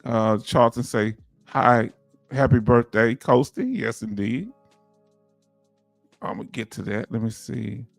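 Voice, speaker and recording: A man's voice: mid-range voice, expressive, slow, vocal fry, dry recording, faint music behind. A man with a Southern US accent hosting a casual livestream, reading out viewer comments and laughing often. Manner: laughs often, loose conversational delivery. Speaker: livestream host.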